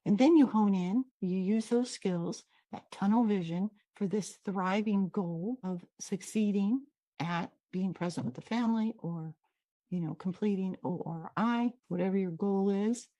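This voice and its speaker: Unhurried and dark-toned, a mid-range female voice carries a friendly, rambling training talk recorded over a computer mic without echo. She hosts it, a Washington State native with a Pacific Northwest American accent.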